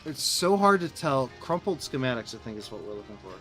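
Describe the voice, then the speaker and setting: A man's voice: mid-range voice, big pitch swings, fairly quick, bright, forceful tone, soft background music. Rambling Midwestern man streaming a game. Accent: Midwestern American. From Southern Illinois, USA. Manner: rambling, answers chat, restarts sentences often. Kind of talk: casual live-stream chat while gaming.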